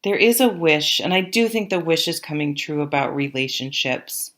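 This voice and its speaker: A woman's voice: low-pitched, moderate pace, fairly bright tone. A middle-aged woman giving a casual tarot reading to camera, rambling and often trailing off to restart her sentences. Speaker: tarot reader.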